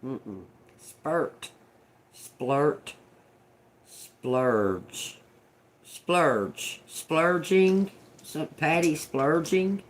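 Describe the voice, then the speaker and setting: A man's voice: on the high side, extremely slow, pauses often. A man doing a casual live oracle reading, profane and muttering word by word, breaking off to scold someone nearby. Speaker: livestream oracle reader.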